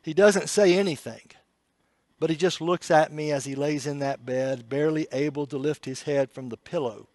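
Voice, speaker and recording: A man's voice: on the high side, normal speed, dry recording, studio quality. Impassioned male preacher telling a story. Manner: emotional, swings from hushed to loud. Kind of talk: sermon storytelling.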